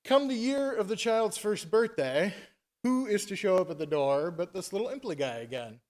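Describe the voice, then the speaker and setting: A man retelling a fairy tale at a conference in a casual, animated, chatty way. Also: high-pitched, normal speed. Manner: animated, chatty, tag questions. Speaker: conference speaker. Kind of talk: casual storytelling talk.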